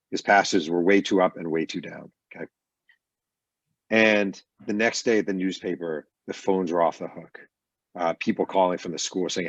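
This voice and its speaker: A man's voice: low voice, no echo. A middle-aged man, a best-selling author, telling stories casually in an interview over a video call from his bedroom. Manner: animated anecdotes with acted quotes. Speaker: author guest. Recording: dull lo-fi call audio.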